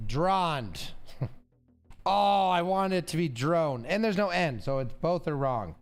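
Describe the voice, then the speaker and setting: A man's slightly high, smooth voice, with lively intonation and a slow pace, carries a casual live stream as he thinks aloud, sounds out guesses for a word puzzle, and greets chat. He's on a headphone mic, and faint music can be heard behind him.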